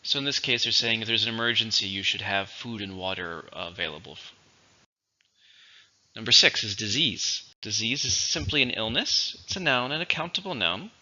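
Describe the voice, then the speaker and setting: Man, vocabulary lesson, patient and clear, very bright tone, slightly low voice, dull lo-fi sound. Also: animated. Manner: slow, patient, explanatory. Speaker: English teacher. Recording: dull lo-fi recording.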